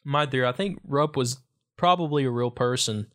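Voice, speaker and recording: A man's voice: mid-range voice, normal speed. A man co-hosting a podcast in casual chat, easygoing and joking, often trailing off mid-sentence. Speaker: podcast co-host.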